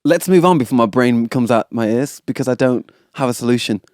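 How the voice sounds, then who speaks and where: A man's voice: mid-range voice, a little fast. Male host, easygoing couch-chat talker, rambles through stories with energy. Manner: rambling, animated storytelling with laughs. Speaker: podcast host. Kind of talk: casual chat. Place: studio couch.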